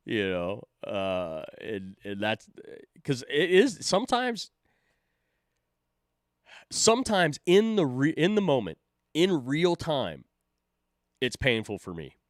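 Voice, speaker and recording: A man chats loosely on a stream, swearing freely and poking fun at himself as he rambles. His pitch swings widely as he talks. The sound is dry and close. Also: no room sound. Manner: rambling, profane, self-mocking, laughs often. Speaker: streamer host. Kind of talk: casual chat.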